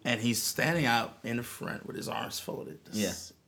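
A man with a slightly gravelly voice tells a story in an earnest, animated way, stumbling and restarting as he goes. His pitch sits in a middle range, and the talk feels heartfelt and unpolished. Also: unhurried, slight background noise. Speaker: musician guest. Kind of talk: storytelling interview.

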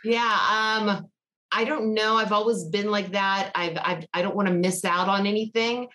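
A woman from Georgia speaks with a Southern accent, chatty and quick to laugh. She tells stories from her past in a casual back-and-forth with a podcast host. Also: mid-range voice, fairly even intonation, pushed and bright. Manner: chatty storyteller, laughs often. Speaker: podcast guest. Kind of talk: casual interview chat.

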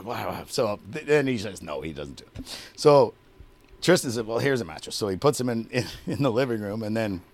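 A man telling a long, profane story on a podcast, acting out both sides of a shouting match and laughing often. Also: medium pitch. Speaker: podcast co-host. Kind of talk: casual storytelling chat.

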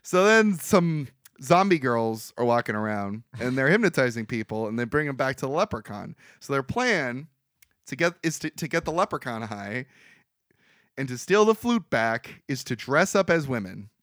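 A man hosting a podcast, casually recapping a movie with frequent laughter and lively put-on quotes. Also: medium pitch, moderate pace, dry recording, studio quality. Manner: laughs often, animated retelling with put-on quotes. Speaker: podcast host.

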